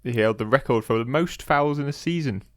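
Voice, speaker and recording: A man's voice: mid-range voice, fairly quick, dry recording. A young man hosting a casual podcast quiz, chatty and teasing, laughing often as he reads the questions out. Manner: chatty, giggly, teasing quizmaster. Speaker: podcast co-host running a quiz.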